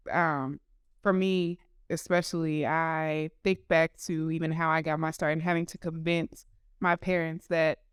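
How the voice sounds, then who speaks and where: A woman hosting a live panel talk, chatty and lively, with laughing asides to the audience. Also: lowish voice, clean tone, dry recording, studio quality. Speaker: panel host.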